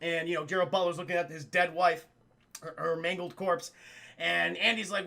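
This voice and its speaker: A man with a very bright, high voice and a gravelly edge talks his viewers through a film review. His chat is casual and animated, with free swearing and acted-out scenes. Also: brisk. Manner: animated, swears freely, acts out scenes with exclamations. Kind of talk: casual spoiler review chat to a live stream audience.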